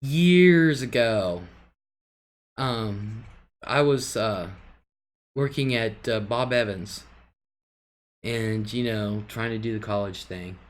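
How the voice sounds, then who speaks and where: A woman hosting a live stream, telling a rambling story in casual chat and chuckling along the way. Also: rumbling low. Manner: rambling, chuckling anecdote-teller.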